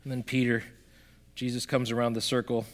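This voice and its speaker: A man preaching a sermon, talking straight to the congregation, swinging from loud emphatic bursts to quiet, soft lines. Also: medium pitch, monotone, fairly quick. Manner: conversational, addresses the congregation directly. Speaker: pastor.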